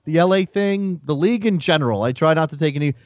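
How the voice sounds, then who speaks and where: Male guest, earnest and stammering, slightly high voice, muffled dry recording. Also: fast, dry recording. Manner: earnest, stammers over repeated words. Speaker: podcast guest. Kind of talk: casual chat. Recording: dull lo-fi sound.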